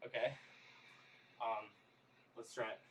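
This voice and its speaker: A man leading a livestream workout, coaching stretches in a relaxed, chatty way. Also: fairly low pitch, slow pace, far from the mic, slight background noise. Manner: easygoing, coaching with lots of "y'all" and "okay?". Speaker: fitness trainer.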